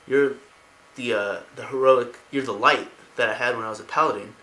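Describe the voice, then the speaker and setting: A man's voice: mid-range voice, brisk, pushed and bright, reverberant, natural voice, low-quality recording. A man doing a cold, brooding fallen prince. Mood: tender.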